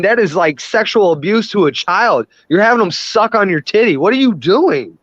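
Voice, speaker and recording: A man's voice: high voice, lively intonation, moderate pace, few pauses, a bit bright, no room sound. A man in casual chat, talking in a profane, worked-up rant. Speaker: podcast host. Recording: dry, dull lo-fi sound.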